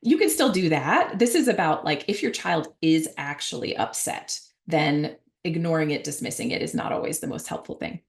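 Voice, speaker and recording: A woman's voice: lively intonation, moderate pace, vocal fry, hardly any pauses. A middle-aged woman giving a conversational talk on parenting as an author and guest speaker, with frequent fillers and self-corrections. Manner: acts out parent and child voices at a higher pitch.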